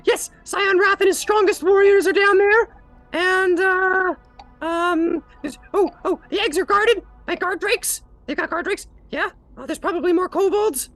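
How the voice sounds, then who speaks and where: Squeaky terrified kobold. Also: unhurried, a bit bright, soft background music, full character voice. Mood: nervous. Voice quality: high squeaky pleading, stammering. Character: terrified small male kobold, groveling and begging.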